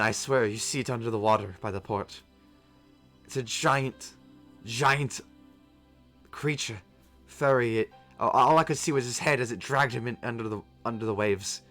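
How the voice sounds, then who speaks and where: A man puts on a jumpy old sea dog who trips over his words and keeps breaking into frightened outbursts, pitched a touch above an everyday man's voice. Background music sits faintly under him. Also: a bit bright, close to an everyday voice. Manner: stammering, rising to panicked outbursts. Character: shaken old male fisherman, haunted and jumpy.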